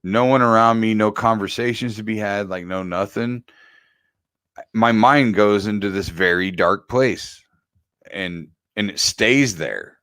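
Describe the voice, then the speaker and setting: A man's voice: fairly low pitch, a little slow, fairly bright tone, dry recording. A man in his forties co-hosting a podcast, telling candid, profane stories in casual chat. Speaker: podcast co-host.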